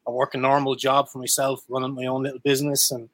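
A man's voice: mid-range voice, monotone, fast, fairly bright tone, no echo. A young Irish man, a guest musician, chatting casually, rambling, laughing often and swearing freely. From Ireland. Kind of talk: casual chat.

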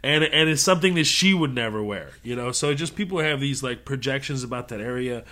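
A man's voice: medium pitch, a little fast. A man who works as a comedian, chatting as an interview guest, telling stories with animation and frequent laughter. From Middle East. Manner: animated storytelling, often laughing. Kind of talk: casual interview conversation.

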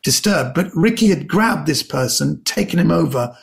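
A man telling lively anecdotes as a guest, often acting out what other people said. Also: on the high side, normal speed, vocal fry. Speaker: guest comedian. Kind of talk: casual storytelling interview.

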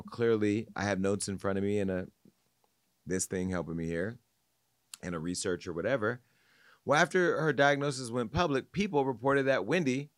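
A man with a lowish voice hosts a casual gossip podcast, telling animated stories and acting out what other people said. The studio-quality recording has no room sound.

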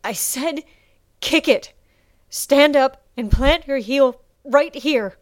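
A fierce, wounded young heroine barks orders through pain, her voice leaping high and loud, as a woman narrator puts her on. The voice is smooth and close, with a dry sound. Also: moderate pace, no room sound, close to an everyday voice. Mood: urgent shouting. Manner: urgent, shouting through pain.

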